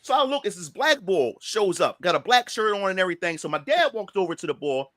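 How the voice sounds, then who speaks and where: Man, casual storytelling, profane, animated, does the quotes, dry room. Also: high voice, fast talker, no echo. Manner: animated, profane retelling of a confrontation, acting out quotes. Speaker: podcast guest.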